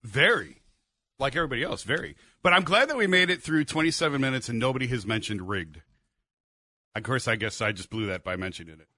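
A man's voice: medium pitch, lively intonation, fast, pushed and bright, dry recording, clean studio sound. A man co-hosting sports talk radio, chatty and explaining details at length. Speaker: sports reporter co-host. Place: radio studio.

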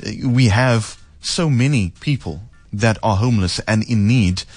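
A man's voice: lowish voice, a little slow, breathy edge, no echo. A man hosting a radio interview, encouraging his guests and often murmuring agreement. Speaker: radio host.

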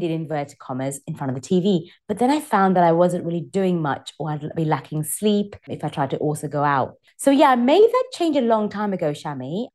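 A woman's voice: lowish voice, a little mellow. A woman guest on a podcast, a former doctor turned meditation teacher, answering thoughtfully and weighing her words. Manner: reflective, weighing her words with small restarts. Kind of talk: casual podcast interview.

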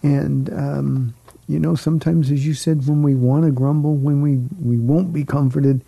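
A man, a pastor, talking faith in a casual chat, measured and emphatic, with some restarts. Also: on the high side, fairly even intonation, creaky, mellow, husky.

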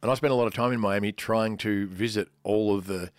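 A man's voice: lowish voice, fairly even intonation, a little fast, no echo, studio quality. A man co-hosting a chat show, talking expressively and rambling with self-mocking humour. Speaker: podcast co-host. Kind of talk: casual chat.

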